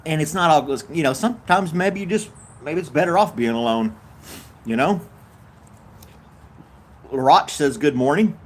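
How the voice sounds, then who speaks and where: A man's voice: on the high side, expressive, measured pace, pauses often, slight background noise. An older man from Tennessee with a Southern accent, hosting a casual live stream, chatting in a laid-back, easygoing way and reading viewer comments aloud with frequent chuckles. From Tennessee, USA.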